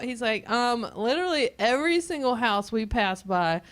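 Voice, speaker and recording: A woman telling a funny personal story, animated and often breaking into laughter. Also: a little high, normal speed, few pauses. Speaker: comedian. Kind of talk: comedic storytelling.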